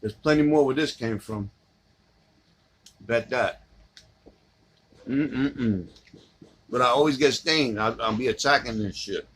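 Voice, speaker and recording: Male vlogger, husky mid-pitched voice, playful slang, flirty low asides to his cereal. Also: a little slow, long pauses, fairly bright tone. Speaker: vlogger eating cereal on camera. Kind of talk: casual mukbang vlog.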